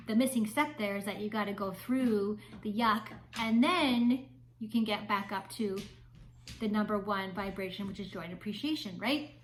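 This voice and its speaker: A woman's voice: medium pitch, fairly bright tone, poor audio. A woman, a spiritual mentor talking casually to camera in a chatty way, often checking in with "right?". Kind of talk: casual vlog talk to camera.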